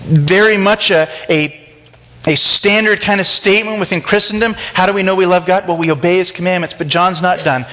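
A man's voice: high-pitched, brisk, fairly bright tone. A man preaching a sermon in a conversational way, asking rhetorical questions and acting out the voices he quotes. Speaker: pastor.

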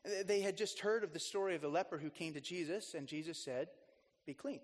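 A male pastor with a notably high voice delivers a relaxed, storytelling sermon full of asides and self-corrections. His words carry a long reverb, as if spoken in a large church sanctuary. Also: fast talker. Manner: chatty and storytelling, with frequent restarts and asides. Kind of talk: conversational sermon.

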